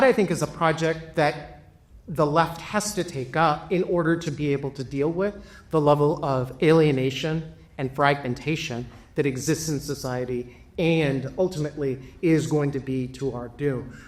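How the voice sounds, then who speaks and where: Earnest man speaking to a packed room. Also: a little high. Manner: earnest, reflective, frequent fillers. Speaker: panel speaker. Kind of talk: public talk.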